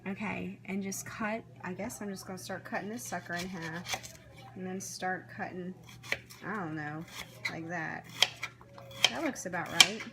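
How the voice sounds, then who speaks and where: The recording is very noisy, full of clattering knives, dishes and pans, as a woman in her home kitchen talks casually to the camera for a cooking vlog. She has a lowish voice and speaks unhurriedly with long pauses, chatting and thinking aloud as she chops vegetables and follows a recipe.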